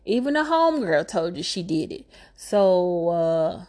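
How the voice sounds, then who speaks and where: A woman's voice: fairly low pitch, big pitch swings, a little slow, darkish tone. A woman voicing a blunt male prosecutor who talks crudely and dismissively.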